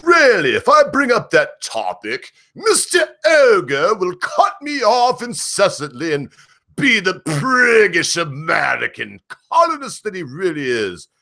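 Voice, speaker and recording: A man's voice: high-pitched, wildly swooping pitch, measured pace, creaky, pushed and bright, voice pushed up, exaggerated voice. A man putting on a mock British accent to play a pompous, prissy Englishman who is complaining.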